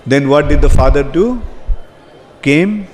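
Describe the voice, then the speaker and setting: A man's voice: fairly high pitch, lively intonation, darkish tone, slight background noise. A man giving a sermon as a spiritual teacher, asking his audience questions as he speaks. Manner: slow, asks the audience questions. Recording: long reverb from a hall, faint ambience.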